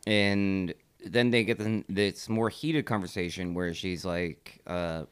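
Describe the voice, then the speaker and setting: A man on a podcast, recapping a film with quick jokes. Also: fairly low pitch, a bit bright, smooth. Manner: joking, adds quick gags. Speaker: podcast co-host. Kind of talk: casual chat recapping a film.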